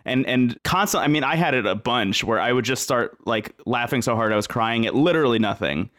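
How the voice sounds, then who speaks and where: A man in casual chat about a movie, relaxed and agreeable, chuckling now and then. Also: mid-range voice, brisk.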